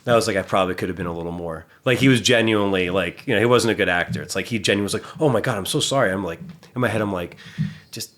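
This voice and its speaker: A man with a lowish voice chats casually on a podcast as a gym trainer. He is blunt and swears freely, and he acts out the people in his stories. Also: racing, a bit bright. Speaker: personal trainer and gym staff.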